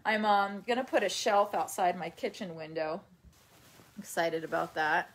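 Folding laundry at home during a casual live stream, a talkative woman rambles from one idea to the next and laughs a lot. Her low-leaning voice is steady at a normal pace, and she occasionally breaks off to address her dog.

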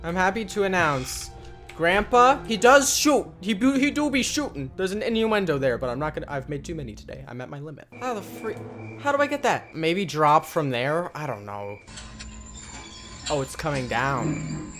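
A man hosting a gaming channel, giving jokey let's-play commentary as he talks to the game and bursts into loud yells. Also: on the high side, expressive, normal speed. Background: game music.

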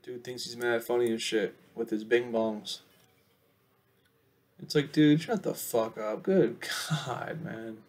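A young man rambling casually to camera in a profane vlog, swinging between loud outbursts and low mumbles. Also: steady tone, normal speed. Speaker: vlogger.

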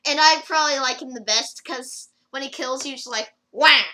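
A woman chats loosely through a gameplay video in a very bright, sharp voice that sits a little high. She rambles and fills pauses with fillers, often stopping and restarting her sentences. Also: rough recording. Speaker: gaming video creator. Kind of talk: casual gameplay commentary.

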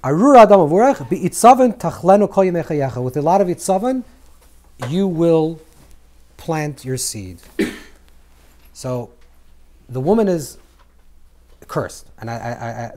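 A man teaching a Kabbalah lesson to a live group, animated, repeating words as he searches for phrasing and acting out scripture dialogue. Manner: acts out scripture dialogue with swings in pitch and volume.

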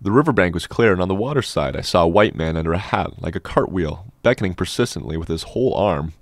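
A man narrating a classic novel as an audiobook in a measured, steady storytelling manner, close on a studio mic. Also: sits low, dry recording. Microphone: dynamic studio microphone.

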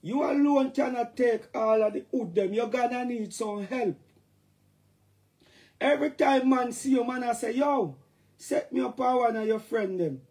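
A man with a Jamaican accent, rambling casually to his fans on a live stream and breaking into shouted catchphrases. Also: very high voice, a little slow. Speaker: dancehall artist talking to fans.

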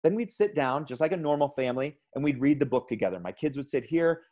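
Energetic man giving a teacher training talk. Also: on the high side, quick pace. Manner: energetic, emphatic storyteller; addresses audience as "guys". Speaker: education speaker.

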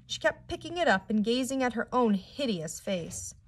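A woman teacher reading a children's book aloud with expressive, unhurried storytelling. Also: fairly high pitch. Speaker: third-grade teacher.

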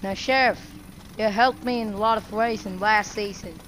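A woman hosting her gaming channel, giving gameplay commentary with excitable bursts of shouted taunts. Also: mid-range voice, normal speed, slight background noise. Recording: loud game music over the voice. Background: loud game music and explosions.

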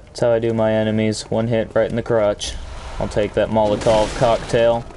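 Playing a video game, this man delivers crude, jokey commentary for his gaming channel and breaks into fake-outraged rants. His lowish voice is completely flat and dark-toned at a normal speed, with slight background noise.

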